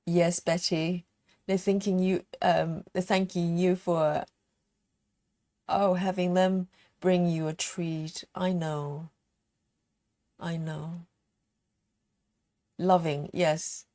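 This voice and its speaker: A woman's voice: lowish voice, flat delivery, extremely slow, pauses often, darkish tone. A woman chatting casually on a live stream as she stitches, giggling often and reading out viewer comments.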